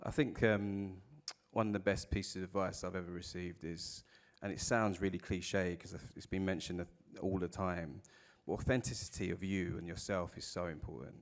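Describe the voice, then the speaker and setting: Candid South London man, low voice. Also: steady tone, moderate pace, hardly any pauses. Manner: candid storytelling with casual swearing. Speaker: panel speaker. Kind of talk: live panel conversation.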